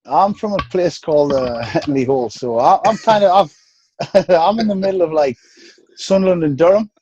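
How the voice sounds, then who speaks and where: A man with a North East English accent, speaking frankly and easily as a guest on a podcast, often sinking into low, tired tones. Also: animated, moderate pace, a little mellow, slight background noise. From North East England. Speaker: guest bodybuilder. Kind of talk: casual podcast interview. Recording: dry, dull lo-fi sound.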